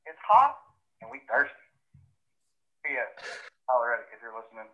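A man's voice: mid-range voice, sing-song, brisk, lightly acted. A man with a thick Southern accent playing a rowdy voicemail caller nicknamed Motorboat, yelping and hard to make out. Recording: muffled voicemail playback.

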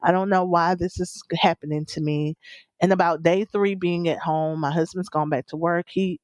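A woman's voice: fairly low pitch, steady tone, moderate pace, darkish tone, dry recording. A woman telling her own birth story as a podcast guest, earnest and emotional, with many fillers and quoted dialogue. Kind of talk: personal storytelling interview.

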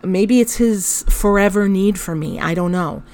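A woman's voice: mid-range voice, measured pace, a little mellow. A woman hosting a podcast, telling a personal story in a candid, emotional way, with frank swearing and laughter through her telling. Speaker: podcast host.

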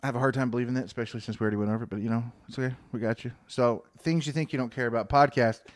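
A man's voice: mid-range voice, fairly even intonation, very fast, dry recording. A man co-hosting a casual podcast, joking around and playfully hyping people up. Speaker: podcast co-host. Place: home podcast studio.

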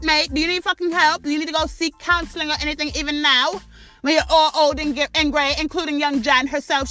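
A British woman hosting a podcast launches into a furious, mocking rant, swearing constantly. Her high-pitched voice sounds pushed and bright as she delivers the profane commentary.

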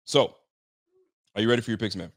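A man's voice: fairly low pitch, fairly quick, no echo. Laid-back man hosting a sports show. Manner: animated, joking, talks with slang. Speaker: podcast host. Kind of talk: casual sports chat.

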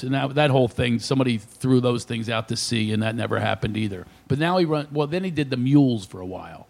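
A male comedian telling animated family stories as a guest on a radio talk show, laughing often. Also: mid-range voice, fairly quick, creaky, few pauses. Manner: animated, laughing, imitates his dad and others.

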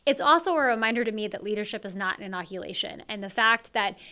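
A woman's voice: medium pitch, lively intonation, quick pace, bright, forceful tone. A woman executive, a guest on an interview podcast, speaking earnestly and with emphasis. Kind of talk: conversational interview.

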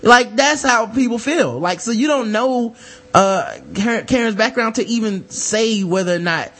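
A man with a high-pitched voice co-hosts a casual podcast. He talks loose and profane, reads listener mail aloud, and acts out the voices of the people he quotes. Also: moderate pace, a bit bright. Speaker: podcast co-host. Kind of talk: casual chat.

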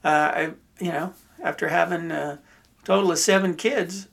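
A man's voice: on the high side, fairly even intonation, moderate pace, gravelly, a bit bright. A middle-aged man hosting a podcast, telling a story in a rambling, folksy way with many restarts. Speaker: podcast host. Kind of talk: casual storytelling chat.

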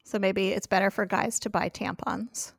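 A woman's voice: mid-range voice, moderate pace, dry recording, clean studio sound. A woman hosting a podcast, recapping a TV episode in casual chat, laughing often and acting out the characters' lines. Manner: giggly, acts out quotes in animated voices. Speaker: podcast host.

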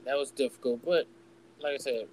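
A man's voice: mid-range voice, steady tone, a little fast, darkish tone, a little hiss or hum, rough recording. A young man in casual podcast chat, telling a personal story candidly, swearing freely and acting out what people said. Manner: candid, swears freely, acts out quoted voices. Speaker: podcast host.

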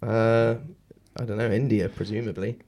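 A man's voice: fairly low pitch, flat delivery, moderate pace, a little mellow. A man hosting a casual podcast chat, joking and reading off a list. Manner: laid-back, joking, reads off a list. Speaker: podcast host.

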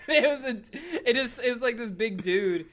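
A man's voice: very high voice, expressive, normal speed, fairly bright tone. A man co-hosting a casual podcast chat, telling stories animatedly and laughing often. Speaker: podcast co-host.

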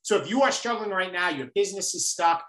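Energetic New York man, bright echoey voice. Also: sits high, fast. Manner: energetic, preachy, emphatic. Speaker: guest author. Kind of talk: motivational interview talk.

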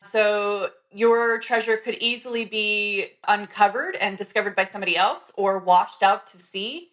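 A woman giving a steady, informal explanation in a casual podcast conversation. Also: mid-range voice, measured pace.

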